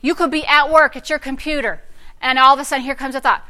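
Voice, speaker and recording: A woman pastor preaching a lively sermon, repeating declarations aloud and directing a live demonstration in a church. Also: high-pitched, a little fast. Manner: animated, calls out and repeats declarations.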